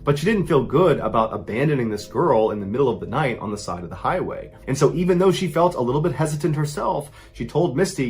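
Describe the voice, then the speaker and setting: Guy telling creepy true stories, pitch swinging all over, building tension. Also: very animated, quick pace, hardly any pauses. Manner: suspenseful, builds tension with rising intensity. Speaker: storyteller. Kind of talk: true horror storytelling.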